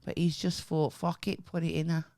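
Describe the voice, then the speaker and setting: A woman's voice: low voice, little pitch movement, normal speed, dark tone, no room sound, clean studio sound. A woman co-hosting a casual comedy podcast, swearing and laughing as she tells stories. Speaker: podcast co-host. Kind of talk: casual chat.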